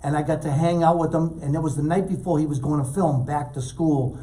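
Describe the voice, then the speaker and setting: A man telling animated stories as a guest in a casual talk show chat, acting out the people he quotes. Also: a little high, brisk, distant mic, poor audio. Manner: animated storyteller, acts out quotes loudly. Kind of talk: storytelling chat.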